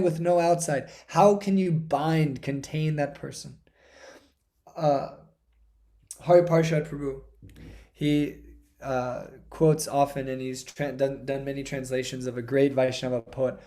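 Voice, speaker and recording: A man giving a devotional talk, telling a sacred story dramatically, swinging from hushed passages to intense ones. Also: medium pitch, little pitch movement, unhurried. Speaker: spiritual speaker.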